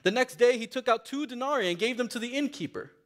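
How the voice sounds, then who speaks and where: A pastor with an extremely high-pitched voice speaks quickly as he preaches in church, reading scripture aloud before addressing the congregation earnestly and openly.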